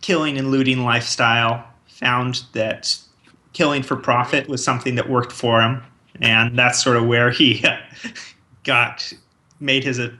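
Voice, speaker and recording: A man's voice: medium pitch, level tone, measured pace, sharp tone. A man playing a tabletop game, easygoing as he sums up his character's story. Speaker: player. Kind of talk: casual tabletop game chat.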